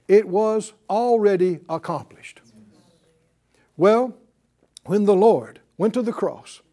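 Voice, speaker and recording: A man's voice: high-pitched, dark tone. An older man preaching a sermon, drawing call-and-response from the congregation and retelling conversations. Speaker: pastor.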